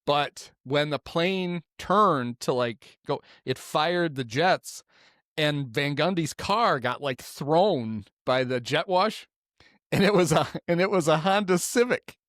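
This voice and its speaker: A man's voice: on the high side, lively intonation, takes it slowly, a bit bright, no room sound. Podcast man, jokey storyteller, dry close mic. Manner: jokey, laughs at his own stories. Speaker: podcast co-host. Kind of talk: casual chat.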